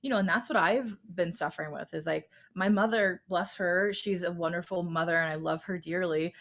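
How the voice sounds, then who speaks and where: A woman's voice: on the low side, fairly quick, a bit bright. A young American woman speaking candidly on a casual panel discussion, with a chatty rhythm full of "like" and "right?" tags. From United States. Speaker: panelist, vocal coach.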